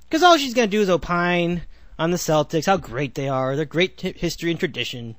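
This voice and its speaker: A man's voice: high-pitched, animated, fast talker, fairly bright tone, no room sound. A man in his twenties hosting a solo sports podcast, rambling with sarcastic asides and frequent self-corrections. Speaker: podcast host.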